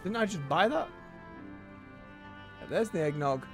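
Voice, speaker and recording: A man's voice: high-pitched, lively intonation, unhurried. A man streaming an online role-playing game, chatting casually and thinking aloud as he plays. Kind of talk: casual live-stream commentary. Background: game music.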